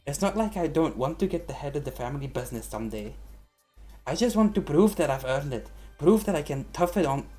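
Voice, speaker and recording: A hot-tempered young yakuza heir snarls and swears in a wobbly put-on Scottish accent, as a woman voices him. The voice sits low and gets loud and pushy, with faint music behind. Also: animated, brisk. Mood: defiant. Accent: a shaky put-on Scottish accent. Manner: rude, snarling, swears a lot. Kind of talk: reading game dialogue aloud.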